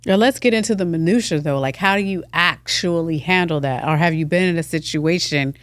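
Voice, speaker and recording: A woman's voice: lowish voice, a little fast, dry recording. A woman co-hosting a casual podcast chat, thinking aloud and peppering her speech with "like". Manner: reflective and chatty, leans on frequent "like" fillers. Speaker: podcast co-host.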